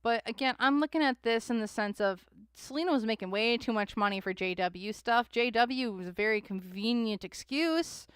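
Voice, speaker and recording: A woman's voice: fairly high pitch, moderate pace, hardly any pauses, clear, resonant tone, dry recording, studio quality. A young adult woman hosting a live tarot stream, chatting with viewers in a rambling way and often laughing and sighing between thoughts.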